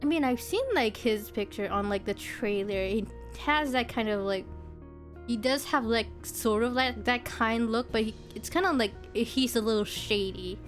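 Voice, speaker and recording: A young woman streams herself reading a visual novel aloud, her voice sitting fairly high. She narrates with expression and drops into giggly asides, with soft game music under her. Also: moderate pace.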